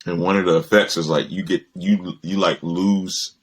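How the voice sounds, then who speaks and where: A young man, co-host of a podcast, chatting casually and telling animated stories with lots of swearing. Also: low voice, normal speed, breathy edge. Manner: animated storyteller, mimics people in quotes, swears freely. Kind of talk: casual chat.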